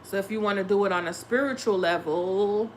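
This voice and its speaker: A woman's voice: mid-range voice, a little fast, a little hiss or hum. A young woman hosting a tarot livestream, chatting casually and bluntly with viewers, cursing freely. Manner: blunt, profane, talks back to chat.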